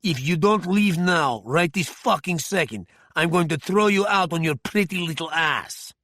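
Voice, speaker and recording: Menacing, bullying thug, voiced by a male narrator, low and gravelly, dry close sound. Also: lively intonation, takes it slowly, fairly bright tone, no room sound, heavily acted. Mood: threatening. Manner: low, threatening, profane. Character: menacing, bullying Russian gangster man.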